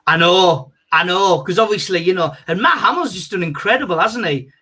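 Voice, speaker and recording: A male comedian, a guest on a video call, chatting casually in a rambling, animated way full of "you know". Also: sits high, a little fast.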